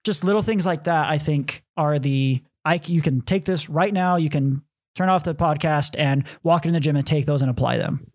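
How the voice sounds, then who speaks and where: A man co-hosting a podcast in casual chat, enthusiastic and animated, sometimes acting out his own thoughts. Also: on the high side, moderate pace. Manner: enthusiastic, animated, acts out inner thoughts in quotes. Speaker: podcast co-host.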